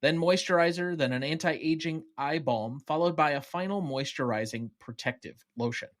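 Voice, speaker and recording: A man's voice: on the high side, moderate pace, close to an everyday voice. A man reading as Patrick Bateman, vain and cold. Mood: smug. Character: vain male yuppie killer, smug and cold. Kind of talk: reading film quotes aloud.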